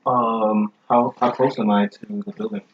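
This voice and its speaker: A man playing a tabletop game, speaking hesitantly and softly, in a dull noisy lo-fi recording. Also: medium pitch, very animated, moderate pace, creaky. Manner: hesitant, soft. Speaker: player.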